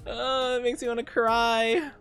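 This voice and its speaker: A woman's voice: on the high side, fairly even intonation, a little slow, soft background music. A woman in her twenties chatting casually on stream, rambling and giggling often, and playing around with silly voices. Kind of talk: casual chat.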